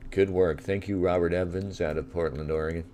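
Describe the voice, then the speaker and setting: A middle-aged livestream host from Southern California offers sardonic, crude commentary over live feeds. His voice is deep, steady, and dark in tone, delivered briskly, with slight background noise.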